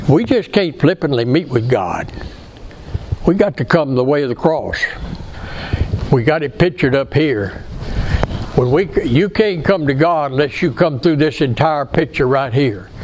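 A man's voice: a little high, darkish tone. A man preaching a sermon in a folksy, earnest way, asking his congregation questions. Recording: faint background noise.

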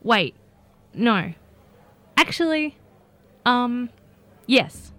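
A woman's voice: fairly high pitch, lively intonation, very slow, dry recording, heavily acted. A woman playing a brash, boozy friend. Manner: pushy, flirty, loud. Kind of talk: comedy audio drama.

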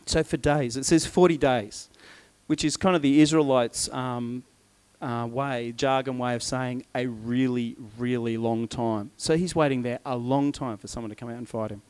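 A man preaching a sermon, retelling a story in a lively way and acting out the voices of its people. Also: mid-range voice, moderate pace, clear, resonant tone.

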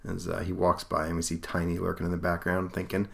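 A man's voice: sits low, monotone, quick pace, creaky, fairly bright tone. A man co-hosting a podcast, reading comic book dialogue aloud and acting out the characters, with many fillers. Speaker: podcast co-host. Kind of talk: casual comic book read-along.

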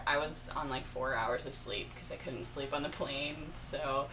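A woman's voice: a bass voice, steady tone, unhurried, background noise. A tired woman guest in casual conversation, chatty and rambling, laughing easily. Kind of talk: casual chat.

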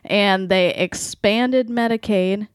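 A woman's voice: medium pitch, slow pace, dry recording. Woman, podcast co-host, casual explainer, dry close recording. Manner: explains clearly, step by step, with playful asides.

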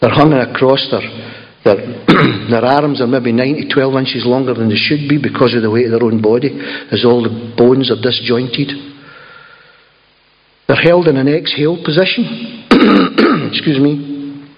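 Man, sermon, emphatic storyteller, medium pitch, muffled recording. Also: a little slow, long pauses. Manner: conversational, emphatic storytelling with asides. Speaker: preacher. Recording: slightly dull lo-fi recording.

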